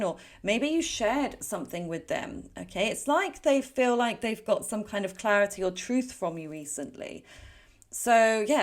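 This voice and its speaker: Woman, tarot reader, casual pick-a-card reading, chatty, rambling, self-correcting, mid-pitched voice.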